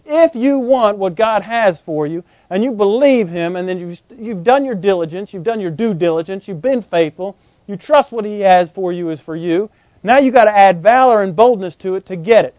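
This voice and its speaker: A man's voice: high-pitched, animated, normal speed, no echo, lo-fi sound. A man preaching a sermon in a joking, folksy way, with slang, who often asks the congregation questions.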